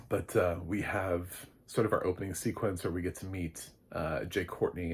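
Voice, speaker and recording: Man, deep voice, husky, casual film review, chatty and rambling. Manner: rambling and chatty, with many fillers and light laughs. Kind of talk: casual spoken movie review.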